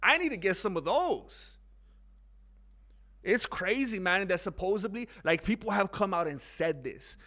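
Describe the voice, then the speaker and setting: A young man giving a rambling casual monologue on fight news, animated and mocking. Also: a little slow. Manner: rambling, animated, mocks others in high exaggerated voices. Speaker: MMA commentary YouTuber.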